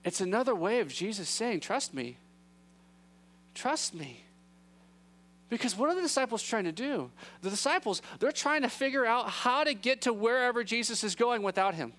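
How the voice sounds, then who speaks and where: Male pastor, high voice, casual storytelling sermon that dramatizes the characters. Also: lively intonation, brisk, few pauses, a bit bright. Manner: conversational, acts out disciples' voices.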